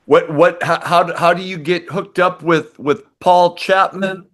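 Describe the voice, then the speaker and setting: A man hosting a casual interview, asking eager questions and giving quick replies. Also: high voice, fairly even intonation, fairly bright tone. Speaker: podcast host.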